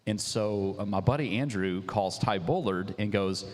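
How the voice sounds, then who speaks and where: A man founder telling a story in casual chat, animated and slangy, with lots of restarts. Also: fairly low pitch, moderate pace. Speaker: coffee business founder, guest. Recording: echoey hall with faint noise.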